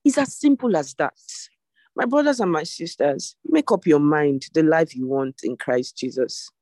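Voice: medium pitch, expressive, normal speed, a little mellow, no echo. Emphatic, repetitive devotional preacher. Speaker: devotion leader. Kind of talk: online devotional sermon. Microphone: video call.

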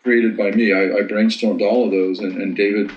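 A lower-voiced American man chats about his own work in a relaxed interview. He stumbles and repeats words as he gathers his thoughts. His voice rings in a noticeably echoey room. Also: highs cut off, a little hiss or hum. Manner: halting, repeats words while thinking. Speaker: filmmaker guest. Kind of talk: casual interview conversation.

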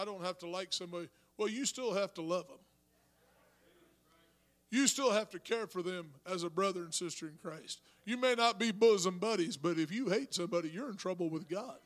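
Pastor, male, high voice, conversational sermon with loud peaks. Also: moderate pace. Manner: rising to shouted preaching; talks to congregation with asides.

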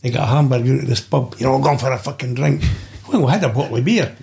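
An older Scottish man appears as a podcast guest, spinning rambling anecdotes and cursing freely. His voice is mid-range, gravelly and mellow, and he talks quickly.

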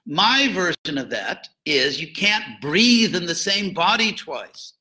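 A man's voice: sits high, sing-song, takes it slowly, pushed and bright, poor audio. A man giving an informal lecture on philosophy and religion, digressive and jokey, with frequent asides.

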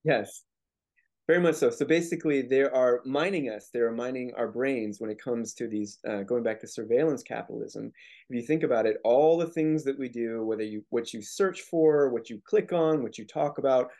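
A man's voice: mid-range voice, moderate pace, mellow. A man speaking as a guest author in a casual interview, explaining his points earnestly with frequent restarts.

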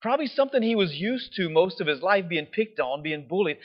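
Here the preacher's voice sits high as he tells the story with lively emphasis, repeatedly asks "right?", and goes soft and slow for his reflective points. The recording sounds dull and lo-fi.

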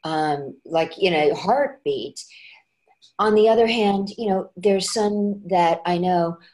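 A woman who coaches dialects, chatting as an interview guest and jumping into quick acted examples as she explains. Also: medium pitch. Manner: animated, acts out voices when giving examples. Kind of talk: casual interview chat.

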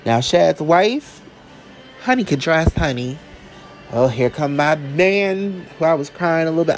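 Fan vlogger, male, slightly high voice, gushing and sassy live reactions. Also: poor audio. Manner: excitable and emotional, gushing; casual and sassy, calls listeners y'all and honey.

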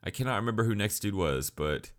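A man's voice: fairly low pitch, expressive, fast talker. A young man giving a blunt, profane, sarcastic anime review in casual ranting commentary.

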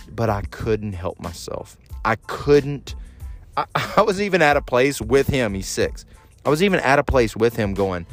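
A podcast host in his thirties talks solo, candidly criticizing himself and occasionally acting out his own angry outbursts. His medium-pitched voice is animated and unhurried, with faint music in the background.

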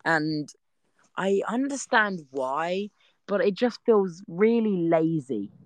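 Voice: medium pitch, lively intonation, slow pace, no room sound. A young adult vlogger, telling a story to camera in a giggly, rambling way that trails off mid-sentence.

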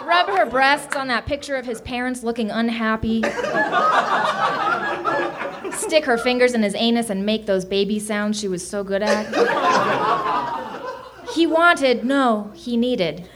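Woman reading a comic story slowly. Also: on the high side. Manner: deadpan absurd storytelling. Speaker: comedian. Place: small comedy showroom. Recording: noisy live venue recording.

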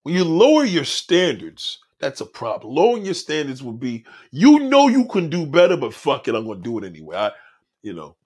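A husky-voiced man with a slightly high pitch lectures his audience in a casual podcast monologue. His delivery is blunt and full of swearing, and his voice swings widely up and down as he makes his point. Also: fairly quick. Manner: blunt and profane, preachy, lively. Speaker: podcast host.

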